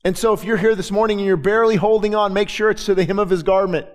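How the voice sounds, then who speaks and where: A middle-aged male pastor preaching a sermon, moving from quiet storytelling to shouted, rising declarations. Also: high-pitched, steady tone, quick pace. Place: church sanctuary with balcony.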